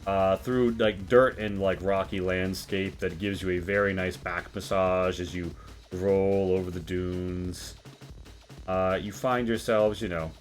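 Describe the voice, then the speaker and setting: A man narrating a tabletop role-playing game as game master, relaxed with many fillers. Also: low-pitched, measured pace, soft background music.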